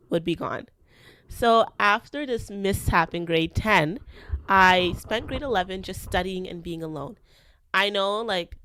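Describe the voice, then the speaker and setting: A young woman from Canada hosting a podcast, telling a school story in a chatty, animated way and acting out the quotes. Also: medium pitch, no room sound. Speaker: podcast host. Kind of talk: casual storytelling.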